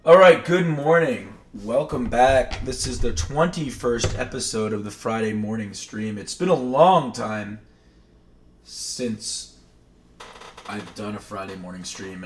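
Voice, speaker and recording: Casual New England streamer, rambling and chatty, recorded in a roomy space with the mic set back. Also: male voice, medium pitch, expressive, a little slow, slight background noise. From New England, Maine. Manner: rambling, chatty, self-correcting. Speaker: livestream host. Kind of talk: casual chat. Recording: echoey room, distant mic.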